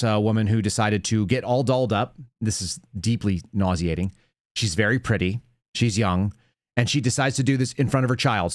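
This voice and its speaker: A man's voice: on the low side, dry recording, clean studio sound. A man hosting a live commentary show, talking in a blunt, indignant, rambling way. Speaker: show host.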